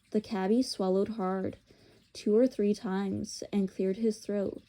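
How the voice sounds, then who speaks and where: A woman reading a chapter book aloud, unhurried, with chatty asides. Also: mid-range voice, level tone, mellow. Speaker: reader.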